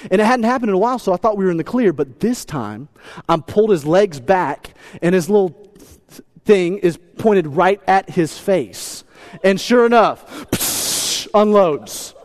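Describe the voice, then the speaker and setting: High-voiced animated male pastor. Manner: animated, self-deprecating, repeats words. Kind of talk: sermon storytelling.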